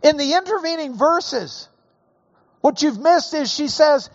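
A man preaching a sermon, slow and emphatic, building to raised emphasis on key points. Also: extremely high pitch, animated, dry recording, muffled recording. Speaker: pastor.

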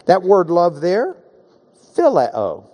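A man's voice: sits high, wildly swooping pitch, slow pace, warm tone. A man preaching a sermon, emphatic and engaging his listeners with questions and call-and-response, with touches of self-deprecating humor.

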